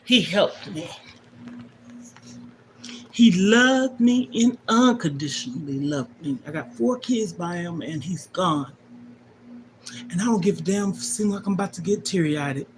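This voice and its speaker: Speaking to her livestream audience about her life, a middle-aged woman is emotional and forceful, repeating central points sermon-style. Her pitch is fairly low with lively intonation, the pace measured, broken by long pauses, and slight background noise sits underneath.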